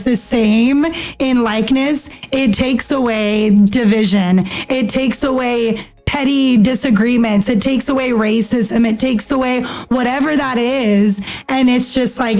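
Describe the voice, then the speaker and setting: High-voiced woman pastor, chatty. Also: darkish tone. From United States. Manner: earnest and chatty, many fillers, acts out quoted speech. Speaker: pastor, podcast guest. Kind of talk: casual interview talk.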